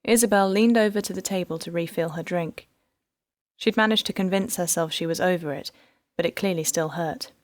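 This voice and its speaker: A woman reads an audiobook in a low, soft, measured voice. The sound is dry and close, with no room around it. Her narration stays calm and steady between the lines of dialogue. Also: no room sound.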